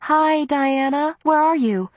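Woman doing a warm, comforting older witch. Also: mid-range voice, animated, normal speed, dry recording, lightly acted. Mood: warm, urgent.

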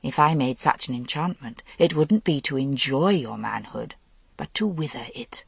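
A woman's voice: very deep voice, lively intonation, moderate pace, gravelly, breathy edge, dry recording, full character voice. A woman voicing a proud, scornful noblewoman who answers with cold defiance, in an audiobook reading.

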